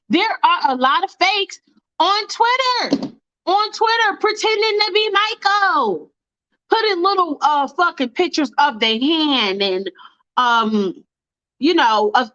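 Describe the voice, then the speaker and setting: Profane high-voiced woman ranting on a livestream. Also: pushed and bright, dry recording, muffled recording. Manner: blunt, profane, fired-up, talks to chat. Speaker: host of a fan livestream. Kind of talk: casual livestream rant.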